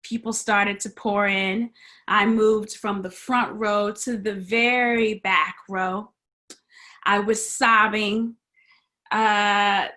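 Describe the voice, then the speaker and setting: A woman's voice: medium pitch, sharp tone. A woman preaching a sermon as a personal story, dramatically acting out the people in it and dropping to whispers. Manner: dramatic storytelling, acts out voices, drops to whispers. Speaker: guest preacher. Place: church sanctuary.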